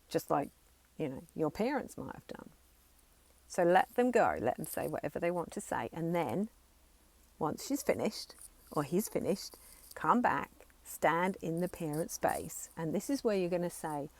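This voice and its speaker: A woman therapist guiding an inner-child exercise, speaking softly and slowly when she voices the script and more briskly when she explains. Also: lowish voice, lively intonation, no room sound. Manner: soft, slow and soothing when speaking the script, livelier when explaining.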